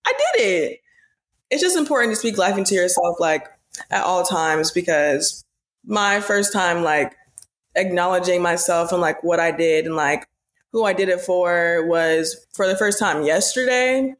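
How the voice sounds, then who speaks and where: A woman's voice: lowish voice, moderate pace. A young woman from the United States chatting casually as a guest, hesitant and full of fillers. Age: young adult. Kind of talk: casual conversation.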